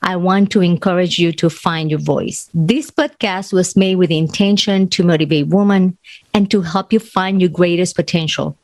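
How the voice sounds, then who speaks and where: A woman's voice: lowish voice, steady tone, moderate pace, a little mellow, dry recording. Spanish-accented woman hosting a motivational podcast. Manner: earnest, encouraging, non-native grammar. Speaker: podcast host.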